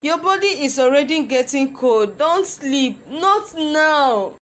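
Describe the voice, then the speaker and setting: A woman's voice: high-pitched, lively intonation, slow, a bit bright, heavily acted. A woman voicing a loving, guilt-ridden mother in a cartoon drama, soothing and pleading. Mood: tender pleading.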